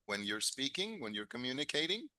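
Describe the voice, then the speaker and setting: Bright-voiced encouraging male English teacher. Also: mid-range voice, very animated, a little fast, clean tone, dry recording. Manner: encouraging, drills phrases, chuckles often. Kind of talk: online English class.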